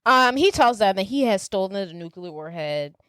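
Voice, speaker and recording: A woman co-hosting a podcast, chatting casually about a movie with lively, laughing banter. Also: medium pitch, moderate pace, no room sound. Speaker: podcast co-host. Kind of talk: casual movie recap chat.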